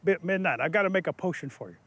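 A man voicing a little grumpy male mole who is sleepy but wise, in a low, hushed, drawn-out way. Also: expressive, no echo. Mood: scheming.

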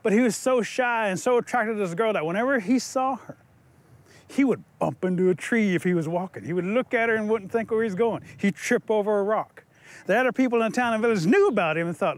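Man telling an old folk tale out loud, higher voice, playful asides. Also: fairly quick. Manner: lively, playful, full of asides. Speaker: storyteller. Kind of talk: traditional oral storytelling.

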